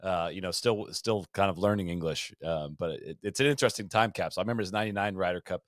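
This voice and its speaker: Low-voiced, chatty male co-host. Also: quick pace, no room sound, clean studio sound. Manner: relaxed, chatty, laughs easily. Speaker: podcast co-host. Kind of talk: casual podcast chat.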